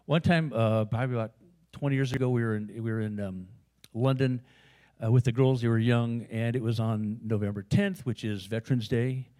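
A man's voice: mid-range voice, steady tone, brisk, warm tone. A man with an American accent preaching a sermon in a conversational, storytelling way, with frequent fillers and asides. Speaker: pastor.

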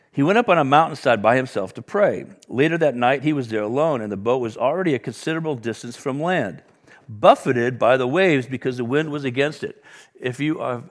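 A middle-aged man preaching a sermon, acting out the dialogue with sudden loud bursts and soft drops. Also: medium pitch. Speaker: pastor.

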